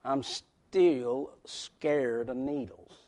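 A man with a West Virginia accent preaching a folksy sermon to a congregation, swinging from shouts to hushed words. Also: medium pitch, very slow. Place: church service before a congregation.

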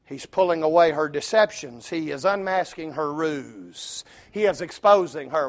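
A male preacher, delivering a sermon that swings from low asides to shouted climaxes. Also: animated, normal speed, hardly any pauses.

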